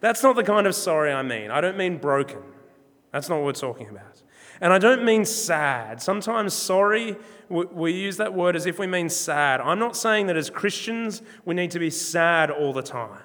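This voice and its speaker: A man preaching a sermon in a measured, emphatic way, slowing down on key words. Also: high-pitched, animated, fairly bright tone, big-room sound. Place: church.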